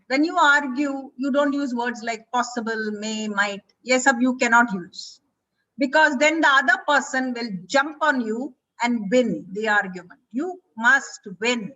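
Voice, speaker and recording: A woman's voice: high voice, sharp tone. A woman, an English teacher and author, giving an emphatic, confident lecture. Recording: dull, distant mic.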